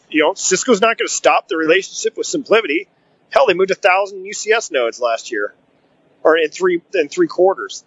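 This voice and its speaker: A man co-hosting a podcast, talking casually about the tech industry with a rambling, joking style full of filler phrases. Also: a little high. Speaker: podcast co-host. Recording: dull lo-fi audio.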